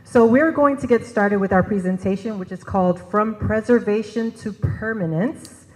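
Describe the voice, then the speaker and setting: A woman's voice: medium pitch, normal speed, darkish tone, faint music behind. A woman co-presenting at a conference, reading prepared remarks and leading the audience in repeating a phrase. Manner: reads prepared text, leads the audience in repeating. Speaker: executive director, co-presenter. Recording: reverberant hall.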